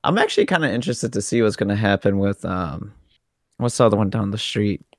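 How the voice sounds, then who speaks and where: A man's voice: fairly low pitch, very animated, brisk, no room sound. A man co-hosting a casual podcast, answering in a dry, matter-of-fact way. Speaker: podcast co-host. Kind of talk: casual chat.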